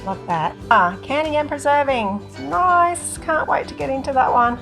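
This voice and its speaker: A woman narrating a farm vlog with warm enthusiasm. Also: high-pitched, very animated, moderate pace, music in the background, low-quality recording. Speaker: off-grid farm vlogger.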